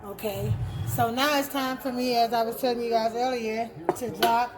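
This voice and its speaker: A woman's voice: fairly high pitch, fairly even intonation, normal speed, a crowd in the background, rough recording. A woman from Texas, chatting her way through a home cooking demonstration in a kitchen. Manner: chatty, homey, repeats words while explaining. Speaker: cooking vlogger.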